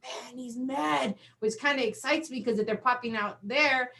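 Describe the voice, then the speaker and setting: A middle-aged woman doing a stand-up comedy set in a small venue. Her voice sits high, and she tells the story with lively energy, acting out each bit of dialogue. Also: normal speed, creaky. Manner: animated storytelling, acts out dialogue.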